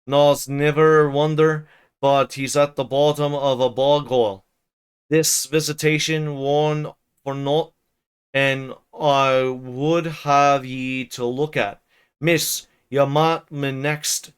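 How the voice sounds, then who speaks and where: A man doing a sour, pious old servant, his voice pitched a bit higher and pushed louder than plain talk. He drags every phrase out slowly, droning on like a sermon. The tone stays smooth and clear, as in a dramatic novel reading. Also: flat delivery, close to an everyday voice. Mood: preaching. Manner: slow, droning, sermonizing delivery.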